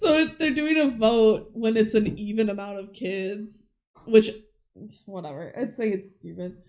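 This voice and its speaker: A woman's voice: mid-range voice, a little slow, darkish tone. A woman co-hosting a podcast, casually recapping a movie, acting out characters' lines and laughing often. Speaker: podcast co-host.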